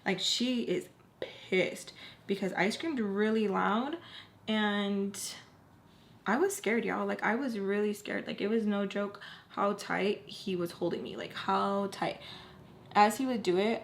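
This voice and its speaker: A woman in her twenties tells a personal story to camera in a casual storytime, speaking slowly at medium pitch. She uses "like" constantly and drops to a near whisper during tense moments.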